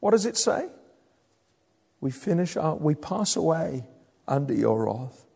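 A middle-aged man preaching a sermon, emphatic, moving between loud declarations and low, hushed lines. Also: sing-song, unhurried, gravelly, long pauses, husky. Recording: echoey hall from a distance.

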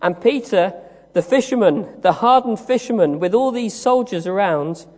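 A man from the West Country of England preaching a sermon, telling the story slowly with many "uh" pauses. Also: high-pitched, lively intonation, a little mellow. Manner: measured storytelling with frequent "uh" pauses. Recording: long reverb of a large hall.

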